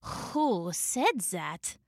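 A woman voicing a calm, languid female cat in a storybook, speaking with a purr. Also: mid-range voice, very slow, gravelly, heavy background noise, voice pushed down, full character voice. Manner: languid, purring.

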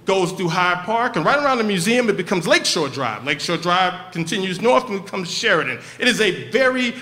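A man telling a profane, comic story on stage at a live show, in an animated way. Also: high voice, brisk. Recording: echoey live venue.

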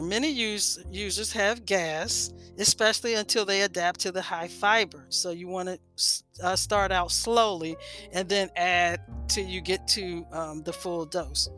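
A woman's voice: medium pitch, pushed and bright. A woman hosting a health talk, reading an article aloud with frequent stumbles and self-corrections. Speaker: health podcast host.

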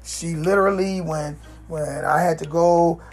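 A woman telling a reflective personal story in a rambling way, often pausing on "you know" and restarting her sentences. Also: low-pitched, darkish tone, slightly rough. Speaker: speaker sharing life story.

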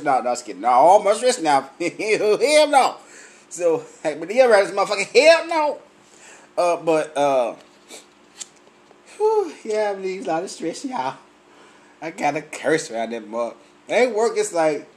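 A tipsy man, laughing often, on a loud and profane comic rant to his camera. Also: sits high, very animated, slow, long pauses. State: tipsy from drinking. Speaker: vlogger.

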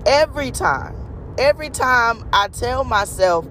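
Fervent devotional preacher, middling pitch, repeats lines, faint street noise in back. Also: normal speed. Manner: emphatic, repeats phrases, talks straight to listeners; calls out to the audience with "y'all" and "you guys".

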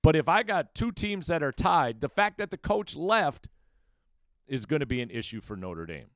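Animated, opinionated male sports podcaster. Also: fairly high pitch, normal speed, no echo. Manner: opinionated, emphatic, rhetorical questions to listeners. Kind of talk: solo sports opinion commentary.

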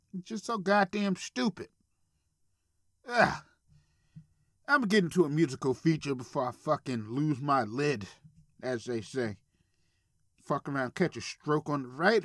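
A man's voice: high-pitched, a bit bright, dry recording, clean studio sound. A man hosting a solo podcast from a small room, ranting in a profane, exasperated way. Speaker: podcast host.

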